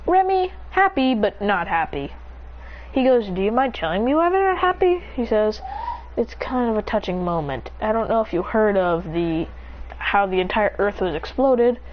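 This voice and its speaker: A woman's voice: big pitch swings, normal speed, dull audio. Rambling woman telling an improvised story. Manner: rambling, breathless, voices characters in higher pitch. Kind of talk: improvised story narration with character dialogue.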